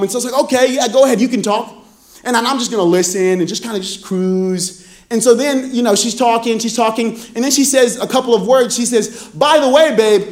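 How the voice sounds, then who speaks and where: A man preaching a sermon as pastor, telling funny stories and acting out quoted lines. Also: sits high. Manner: humorous storytelling, acts out quoted dialogue. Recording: roomy echoey room.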